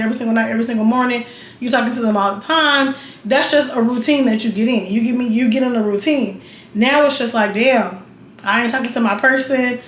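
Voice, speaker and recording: Getting ready on camera, a young woman vlogger tells casual stories in a slightly high voice, talking straight to her viewers. She's blunt, foul-mouthed and chatty, full of asides and frequent check-ins with the audience, while the space adds a roomy echo atop a faint hiss.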